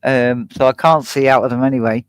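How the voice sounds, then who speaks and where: A man's voice: medium pitch, fairly even intonation, a little fast, clean tone, dry recording. A man hosting a casual chat, telling a long anecdote in a chatty storytelling way and laughing often. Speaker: YouTube channel host.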